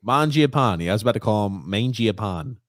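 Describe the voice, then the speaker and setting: Animated New York man, teasing host. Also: on the low side, normal speed, dry recording, studio quality. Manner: animated, teasing, reads viewer comments aloud. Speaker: podcast co-host. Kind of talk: live game watchalong chat.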